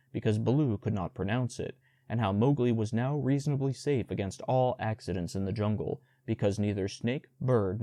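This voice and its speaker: Mellow-voiced man reading a storybook. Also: lowish voice, no room sound. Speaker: audiobook narrator.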